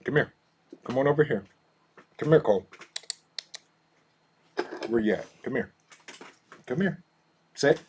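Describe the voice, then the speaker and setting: Guy on a chill live stream, slow easy talk, laughs a lot, sweet-talks his dog. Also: mid-range voice, expressive, darkish tone, a little hiss or hum. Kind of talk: casual live stream chat reading comments.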